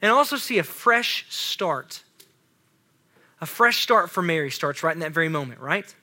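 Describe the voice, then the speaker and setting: A man preaching a casual, animated sermon to a youth group. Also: on the high side, normal speed. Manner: casual, animated, talks to students with "y'all". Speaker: youth pastor.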